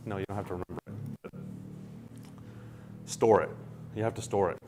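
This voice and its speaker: A man hosting a casual explainer, talking in an animated way with many restarts and acting out quoted lines. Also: low-pitched, normal speed, long pauses, noisy background. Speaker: co-host explaining crypto wallets.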